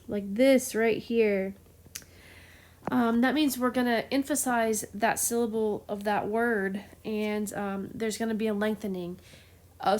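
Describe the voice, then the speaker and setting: A woman giving a casual lesson on chant, enthusiastic and playful, chatty with fillers and small laughs. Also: on the high side. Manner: enthusiastic, playful, self-described geek. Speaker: chant teacher.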